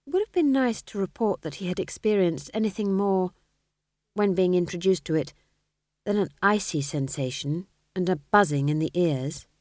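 A woman reading a novel aloud as narrator, with an expressive, wry storytelling manner. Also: lowish voice, normal speed, no echo, clean studio sound. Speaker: audiobook narrator. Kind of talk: scripted narration.

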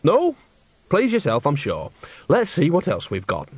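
A man's voice: a little high, huge pitch swings, a little slow, slightly rough, no room sound, pitched above the performer's own voice, full character voice. A man voicing a cheerful, chatty old countrywoman who rambles breezily. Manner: breezy, rambling and matter-of-fact.

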